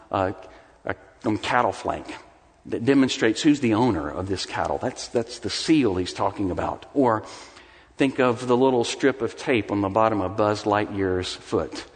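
A male pastor delivers an expressive sermon in a middle-pitched voice, his words swelling with emphasis at key points. The sound carries a long reverb from a large church sanctuary. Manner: expressive preaching, rising and intense when stressing points.

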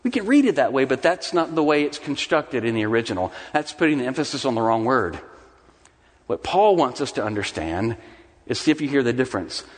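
A man preaching a sermon as pastor, expressive and building in intensity as he stresses his points. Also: mid-range voice, brisk, in a large hall.

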